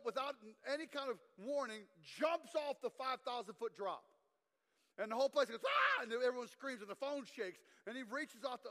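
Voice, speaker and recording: A man, a guest preacher telling a story in an animated sermon. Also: extremely high pitch. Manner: animated storytelling preacher, asks the crowd to respond. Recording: long reverb in a hall.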